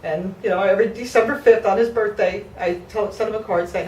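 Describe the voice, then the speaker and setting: A woman's voice: mid-range voice, steady tone, fairly quick, a little mellow, echoey room, distant mic, a little hiss or hum, low-quality recording. A woman of fifty from New Jersey giving an emotional patient testimonial, heartfelt and close to tears, with fillers and restarts. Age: 50s.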